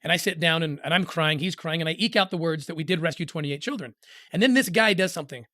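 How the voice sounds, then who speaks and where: A middle-aged man telling a personal story in an interview, earnest and halting, with many restarts as he acts out the voices of others. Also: fairly high pitch, bright, forceful tone, no room sound, clean studio sound. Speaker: interview guest.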